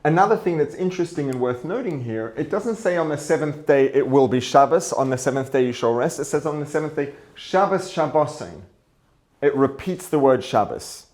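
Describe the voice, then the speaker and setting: A man with a fairly high voice teaches a religious lesson as a rabbi. He works through the text aloud, circling back to rephrase his points. He keeps asking rhetorical questions. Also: animated, fairly quick, darkish tone. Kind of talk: explaining a text to an audience.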